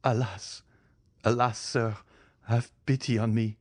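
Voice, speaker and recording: A man's voice: medium pitch, steady tone, takes it slowly, voice pushed up. A man voicing an anguished young man who pleads and swears vengeance in an impassioned voice. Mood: urgent pleading.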